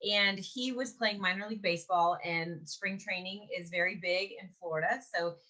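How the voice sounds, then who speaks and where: A woman in her forties from Mississippi, co-hosting a podcast and telling a story in a lively, chatty way, laughing often and acting out what people said. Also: medium pitch, normal speed. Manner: animated, laughs often, acts out quotes. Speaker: podcast co-host. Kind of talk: casual storytelling chat.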